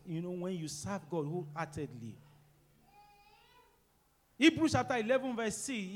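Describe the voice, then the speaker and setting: A middle-aged man preaches a sermon in a fairly high voice. He pushes key lines out loud and emphatic, then drops into quiet, low asides. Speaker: pastor.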